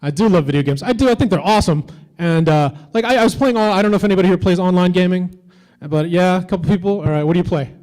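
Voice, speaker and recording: Guy doing standup at a convention, edgy crowd-teasing jokes, kinda high voice. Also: quick pace, darkish tone, poor audio. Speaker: stand-up comedian. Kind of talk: stand-up comedy set. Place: stage at a fan convention.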